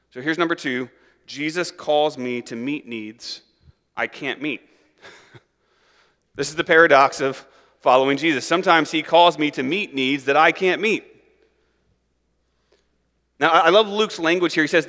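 Guy preaching a chatty sermon, bright voice, kinda high, big echoey hall, does funny voices for the story people. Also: a little slow, long pauses. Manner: animated, acts out the disciples' voices in a higher, louder pitch; conversational, many "like" and "right?" asides. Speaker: pastor.

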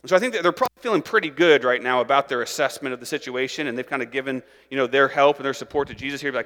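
A man preaching a sermon in a casual, conversational way, peppering it with "like" and "right?" and acting out characters in an animated voice. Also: racing, few pauses, long reverb tail. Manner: animated, acts out the disciples' voices in a higher, louder pitch; conversational, many "like" and "right?" asides. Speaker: pastor.

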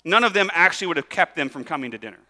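A man delivers a sermon in a relaxed, chatty way, slipping into playful voiced asides. His voice sits high and sounds bright and forward. A long hall reverb trails behind him. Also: racing. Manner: casual, conversational preaching with lively voiced asides. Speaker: pastor.

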